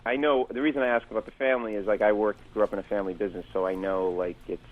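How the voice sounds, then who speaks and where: A man's voice: fairly low pitch, fairly even intonation, rapid-fire, narrow, tinny audio, a little hiss or hum. A middle-aged man, a comedian, telling a story on a podcast, acting out both sides of an argument and rambling with fillers and restarts. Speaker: comedian guest.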